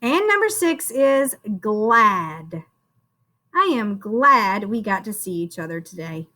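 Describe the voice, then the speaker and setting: With a medium-pitched, sing-song, sharp-toned voice, a woman teacher slowly walks young children through spelling with phonics. She cheers them on and addresses every child as "friend."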